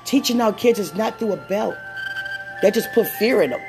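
She preaches conversationally, sharing personal stories punctuated by laughing asides, and her pace drops once she turns to prayer. The voice is mid-range with lively intonation, backed by music.

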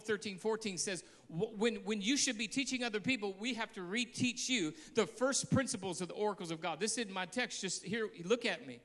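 A man, a guest pastor, preaching a sermon with passion, telling stories, repeating phrases and breaking into shouts. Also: high voice, in a large hall.

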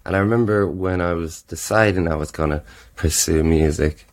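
A man, a singer-songwriter guest, chatting casually on a podcast in a rambling, animated way. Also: low voice, moderate pace. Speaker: guest musician. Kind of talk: casual chat.

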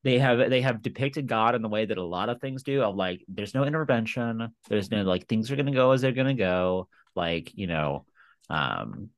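Man, podcast co-host, casual and reasoning out loud, swears freely. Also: lowish voice, expressive, moderate pace. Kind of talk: casual chat.

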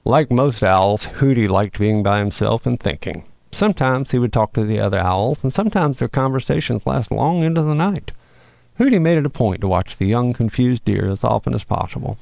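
A male host reads a children's Christmas tale aloud. His gravelly voice moves lively through its range, and the recording is dry and close. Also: medium pitch, moderate pace, no echo. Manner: folksy, expressive. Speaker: host and storyteller. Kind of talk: reading a children's Christmas story.

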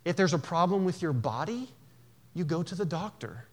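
Animated man preaching a sermon. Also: on the high side, moderate pace. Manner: animated, conversational, with jokes and acted-out voices. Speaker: pastor. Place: church.

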